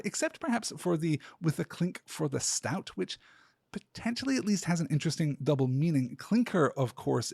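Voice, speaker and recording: Guy with a husky voice going over a novel slow and careful, dry close sound. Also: mid-range voice, a little mellow, dry recording. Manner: measured, analytical. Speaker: podcast host. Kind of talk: literary discussion.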